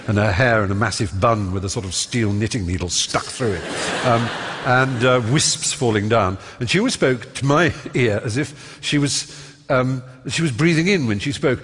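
An English man talking on a concert-hall stage, telling stories quickly and fluently and mimicking people fondly. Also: mid-range voice, noisy background. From England. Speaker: guest on stage. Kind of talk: live on-stage conversation.

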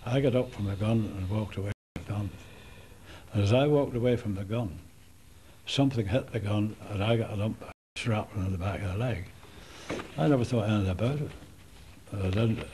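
Older Northern Irish man, eighties, deep-ish voice, reminiscing, halting with restarts. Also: slight background noise, rough recording. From Northern Ireland. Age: 80s. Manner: halting, with restarts and soft chuckles. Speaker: war veteran interviewee. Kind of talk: oral history reminiscence.

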